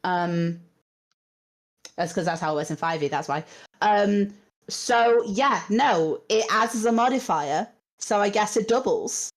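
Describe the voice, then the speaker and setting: A woman's voice: medium pitch, expressive, unhurried. A woman acting as game master of a tabletop game, narrating and thinking aloud through the rules.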